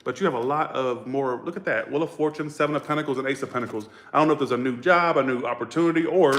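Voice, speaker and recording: A man's voice: mid-range voice, quick pace, fairly bright tone, slight background noise. A man giving a casual tarot reading to viewers, blunt and profane, chatting straight at his audience. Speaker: tarot reader.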